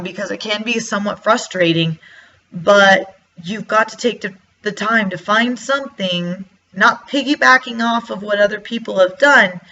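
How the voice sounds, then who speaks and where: Woman, vlogger, casual motivational chat, bright tone, slightly muffled recording. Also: mid-range voice, slight background noise. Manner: chatty, acts out her own past thoughts. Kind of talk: casual motivational talk to camera. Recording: slightly dull lo-fi sound.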